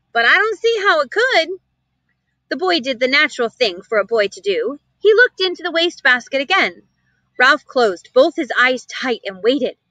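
A woman reads a children's chapter book aloud, expressive and animated. Her voice is bright and fairly high. It's recorded close and dry. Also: no echo, low-quality recording. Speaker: reader. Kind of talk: storybook read-aloud.

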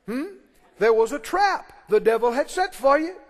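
A pastor preaching a sermon in a church, emphatic and pressing the congregation with questions and call-and-response. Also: male voice, very high voice, lively intonation, normal speed. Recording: long reverb of a large hall.

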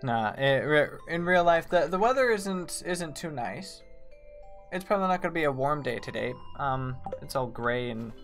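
During a live gameplay stream, this female streamer keeps up chatty commentary, responding to messages from chat as she plays. Every so often she breaks into sudden, excited high-pitched squeals over quiet game music in the background.

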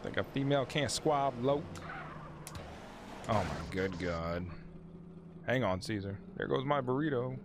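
A man streaming a video game, swearing and yelling at what happens on screen. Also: medium pitch, measured pace, pauses often. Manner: profane, excitable, yells at the game. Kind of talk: live game streaming commentary. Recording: noisy with game sounds behind. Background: game sounds and vehicles.

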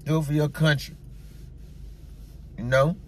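A man's voice: a little high, fairly even intonation, unhurried, a little hiss or hum. A man vlogging his opinions in a blunt, emphatic, repetitive way. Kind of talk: opinion rant to camera.

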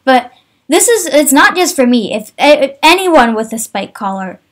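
Young woman, high-pitched, exasperated, ranting, casual gaming vlog, lots of fillers. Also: very animated. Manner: exasperated, fast, filler-heavy with many "like"s. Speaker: gaming vlogger. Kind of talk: casual ranting commentary over gameplay.

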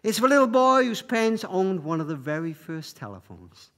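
High-voiced man telling a story. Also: very animated. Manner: warm, halting with repeated words. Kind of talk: storytelling to an audience.

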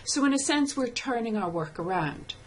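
A woman lecturer giving a scripted tutorial, explaining step by step in a measured way and reading lines of verse slowly. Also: a little high, lively intonation, slightly rough, poor audio. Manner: measured, explanatory, reads poem aloud slowly. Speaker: literature lecturer.

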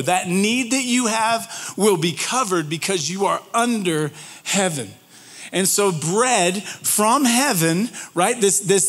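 Male pastor, high voice, casual sermon delivery, animated, questions the room, frequent restarts. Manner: animated, asks the audience questions, repeats words as he restarts. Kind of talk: conversational sermon.

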